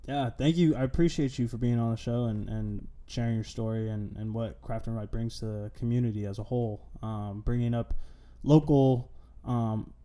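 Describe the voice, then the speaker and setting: A man's voice: mid-range voice, steady tone, normal speed, hardly any pauses, dark tone, a little hiss or hum. A man hosting a casual podcast, laid-back and hesitant with frequent ums. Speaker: podcast host.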